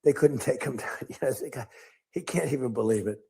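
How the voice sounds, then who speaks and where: Gravelly older man, rambling speech. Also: mid-range voice, fairly quick, mellow. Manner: storytelling, acts out quotes in different voices. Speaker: political speaker.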